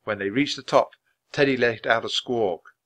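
A man reading a children's chapter book aloud in a clear, measured, expressive way. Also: medium pitch. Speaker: storybook reader.

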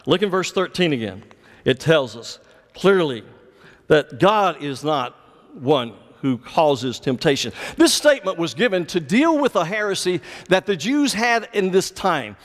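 A man's voice: on the high side, very animated, measured pace. A male pastor preaching a sermon, explaining scripture and pressing his points with emphatic, repeated commands. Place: church sanctuary. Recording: long church reverb.

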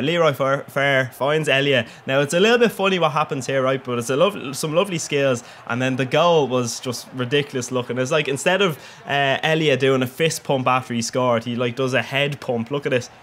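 Young guy, gaming commentary, loose and cheeky, laughs a lot, average pitch. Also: fairly bright tone. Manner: chatty, jokey, crude, laughs often. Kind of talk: casual game commentary.

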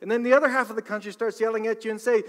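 A man voicing a teenage boy doing stand-up comedy, with a dry, slow, deadpan delivery. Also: sits high, pitched above the performer's own voice. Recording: long reverb of a large hall.

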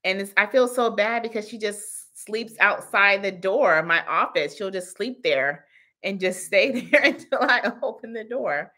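A woman's voice: mid-range voice, lively intonation, unhurried, sharp tone. A woman in her thirties hosting a casual livestream Q&A as a business coach, chatty and laughing often as she answers the chat.

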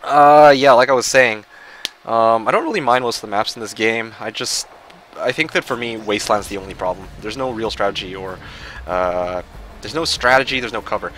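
A man giving casual live commentary while playing an online shooter, muttering, swearing and breaking into yells and laughter. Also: fairly low pitch, moderate pace, a little hiss or hum. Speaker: gaming livestreamer.

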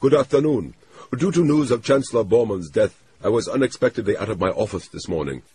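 A man's voice: lowish voice, expressive, brisk, mellow, a little hiss or hum, voice pushed up, close to an everyday voice. A man voicing an agitated middle-aged businessman on the phone, strained, jerky and curt.

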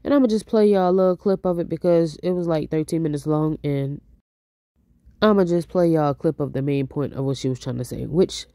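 A woman's voice: deep voice, a little fast, warm tone, no room sound, studio quality. A woman hosting a casual commentary channel, chatting straight to her viewers. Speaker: host.

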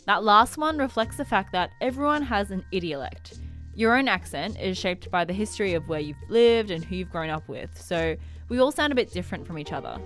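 A woman's voice: mid-range voice, animated, a little fast, a bit bright, faint music behind. A woman with an Australian accent presenting a scripted explainer in a wry, conversational way.

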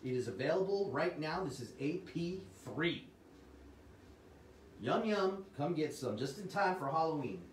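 A man's voice: on the high side, lively intonation, a little slow, far from the mic, a little hiss or hum. A man hosting a livestream sales show, with upbeat salesman patter and chatting with his viewers. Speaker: host. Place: Arizona. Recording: roomy sound from off the mic.

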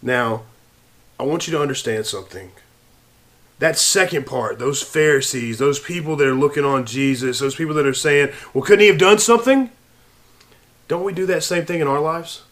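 A man preaching an evening sermon and reading scripture, earnest, moving between hushed and raised passages. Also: medium pitch, normal speed.

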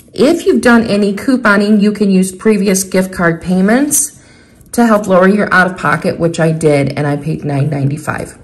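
A woman's voice: on the low side, a little hiss or hum. Chatty woman walking through her coupon haul. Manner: chatty, walks through prices item by item. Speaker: couponing vlogger. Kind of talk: casual haul walkthrough.

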